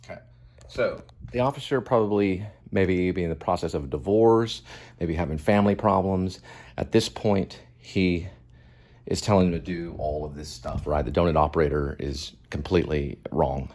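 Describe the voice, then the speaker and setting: A man with a deep, low-pitched voice comments on a video as the host of his own show. He talks emphatically and preachily, circling back to repeat his key points. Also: normal speed, a little mellow. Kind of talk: impassioned commentary.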